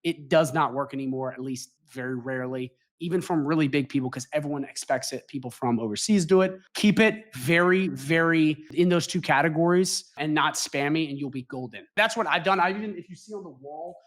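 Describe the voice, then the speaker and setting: Man, slightly high voice, emphatic guest explainer. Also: fairly quick, a bit bright. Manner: emphatic, keeps checking in with "okay?". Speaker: guest expert. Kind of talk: casual explanation.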